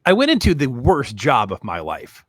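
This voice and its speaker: A man's voice: medium pitch, huge pitch swings, moderate pace, fairly bright tone, a little hiss or hum. A man co-hosting a podcast, telling stories in casual chat with lots of fillers. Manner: rambling storyteller, many fillers. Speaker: podcast co-host.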